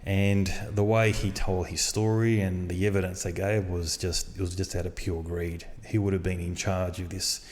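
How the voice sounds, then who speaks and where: A man hosting a podcast, telling a story in a casual, animated way and acting out the dialogue. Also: low-pitched, moderate pace, hardly any pauses. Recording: long reverb.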